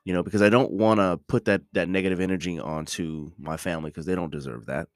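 A middle-aged man with a very low voice muses aloud on his podcast, stopping and restarting his sentences often. He is recorded close and dry, with no room sound behind him. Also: fairly even intonation, no room sound. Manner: halting, many restarts and ums, reflective. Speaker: podcast host. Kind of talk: casual reflective monologue.

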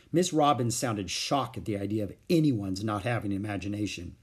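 A man's voice: fairly low pitch, moderate pace, hardly any pauses, slightly rough. A man reading a children's book aloud, narrating expressively. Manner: expressive, animated voices. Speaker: storyteller.

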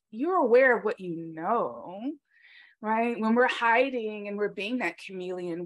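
A woman speaking in a casual conversation, telling personal stories with lots of ums. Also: mid-range voice. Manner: animated storytelling with frequent ums.

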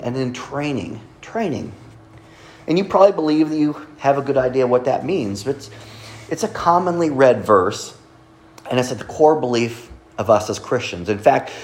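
A male pastor giving a conversational sermon, asking his congregation questions and pausing over his words. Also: mid-range voice, a little mellow, roomy sound, poor audio. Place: church sanctuary.

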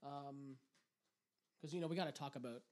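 A Canadian man co-hosts a podcast, chatting casually in a mid-range, darkish voice at normal speed. He's profane and rambling, and he laughs often.

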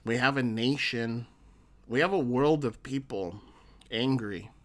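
A man's voice: medium pitch, unhurried, a bit bright. A man hosting a podcast alone, a counselor who talks earnestly and encouragingly to his listeners, often restarting his sentences. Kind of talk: solo podcast monologue.

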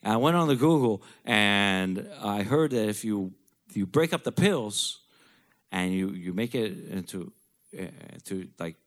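A man's voice: lowish voice, expressive, unhurried, pitched above the performer's own voice. A man voicing his older father, a stubborn, matter-of-fact man who explains things in a cheerful, rambling way. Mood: chipper.

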